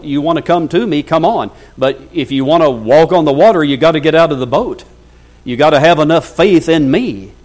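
A man's voice: medium pitch, a little mellow. A male preacher giving a sermon, reading scripture aloud and asking the congregation rhetorical questions. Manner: reads scripture aloud at length.

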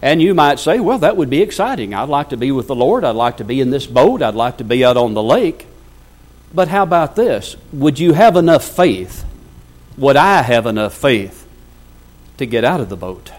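A man delivering a sermon at a mid pitch, reading scripture passages aloud at length. He keeps turning to the congregation with rhetorical questions. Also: sing-song, a little fast. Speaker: preacher.

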